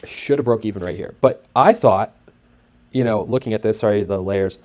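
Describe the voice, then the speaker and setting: A man narrating casually over his screen as host, talking in an excitable, rambling way with lots of fillers. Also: fairly low pitch, brisk. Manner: acts out sound effects and his own thoughts.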